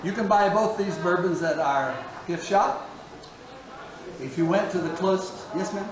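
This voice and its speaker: A man's voice: high voice, measured pace, a crowd in the background. A man leading a distillery tour for a group, folksy and chatty, often checking in with the listeners. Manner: folksy, checks in with "okay?" and "all right?". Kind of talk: guided tour talk to a group. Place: distillery warehouse and tasting room. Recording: distant and noisy tour recording.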